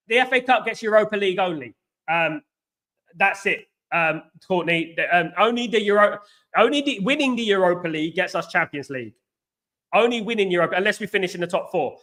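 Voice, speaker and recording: This fan channel host from England, speaking with a London accent, runs a live football stream where he reads viewer comments and replies. His voice is high, bright, and forceful, and his delivery is animated and full of casual slang.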